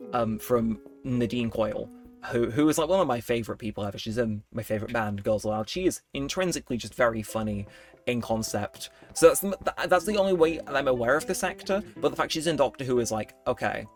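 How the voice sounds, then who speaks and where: Young male let's-play host, mid-pitched and chatty, self-deprecating, with faint game music underneath. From United Kingdom. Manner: chatty, self-mocking, rambling with frequent laughs and fillers. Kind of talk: casual gameplay commentary.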